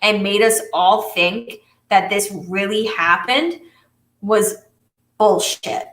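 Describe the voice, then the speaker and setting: A woman co-hosting a podcast, chatting casually in an animated, emphatic way. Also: medium pitch, slow. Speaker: podcast co-host. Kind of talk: casual chat. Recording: roomy echo.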